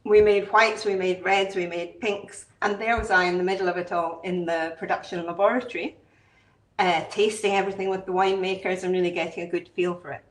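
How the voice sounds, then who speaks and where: A woman's voice: fairly low pitch, steady tone, a little fast. Scottish woman, wine producer, chatty storyteller, video call, echoey room. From Scotland. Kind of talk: online interview, storytelling.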